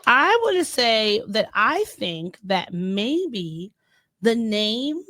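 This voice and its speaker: A woman's voice: on the high side, very animated, very slow, bright, forceful tone, no room sound. A woman co-hosting a podcast in casual chat, asking curious questions and laughing easily. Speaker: podcast co-host.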